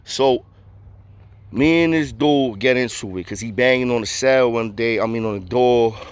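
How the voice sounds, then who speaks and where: A man's voice: medium pitch, normal speed, clear, resonant tone, dry recording. A man telling a story in a casual way, full of street slang and acting out the voices of the people in it.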